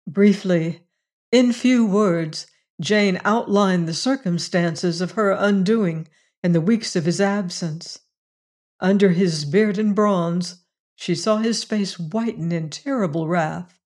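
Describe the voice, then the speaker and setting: Slow, measured audiobook narrator. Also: medium pitch, a little mellow. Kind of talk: scripted narration of a western novel.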